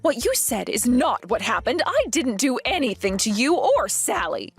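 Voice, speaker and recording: Brief: a woman as a young pregnant wife, firm and questioning, breathy, lively pitch. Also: normal speed, soft background music, heavily acted. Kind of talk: story narration drama.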